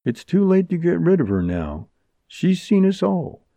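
A man voicing a calm, menacing bandit leader who speaks softly and coldly. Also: high voice, measured pace, no echo, pitched above the performer's own voice, exaggerated voice. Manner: calm, soft, cold. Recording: dull lo-fi audiobook recording.

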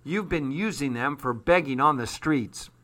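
Man doing a sharp, accusing mother. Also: on the high side, moderate pace. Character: angry suspicious mother.

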